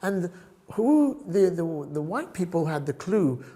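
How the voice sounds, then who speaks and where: Animated older man telling stories. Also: sits high, measured pace. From South Africa. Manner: animated, acts out other people's voices, laughs often. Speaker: guest photographer. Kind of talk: storytelling podcast interview.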